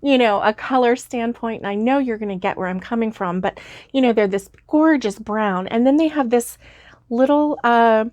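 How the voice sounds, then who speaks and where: A crochet vlogger in her fifties chats casually to viewers about her crafts from her home craft room, rambling and giggling through lots of fillers while sounding a little sleepy and yawning. Her voice is a little high and darkish in tone, at a moderate pace, in a dry recording with dull audio.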